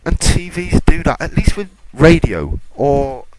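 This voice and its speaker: A man's voice: on the high side, very animated, unhurried, poor audio. A man hosting a tech podcast, chatting casually in a rambling, self-mocking way and going off on rants. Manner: ranting, self-mocking, off-topic. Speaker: podcast host. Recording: loud background noise.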